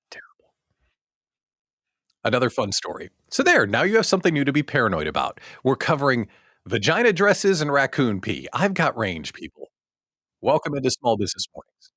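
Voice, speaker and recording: A man's voice: medium pitch, huge pitch swings, brisk, a bit bright, dry recording. A man hosting a small business show, telling stories in a casual, self-mocking way and acting out his own past thoughts. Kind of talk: casual livestream monologue.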